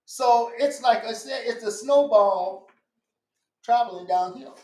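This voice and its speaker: Guy on a podcast, high voice, keeps hammering his point, roomy echo. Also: unhurried, darkish tone. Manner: emphatic, insistent, repeats himself. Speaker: guest. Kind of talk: casual podcast conversation. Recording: echoey room.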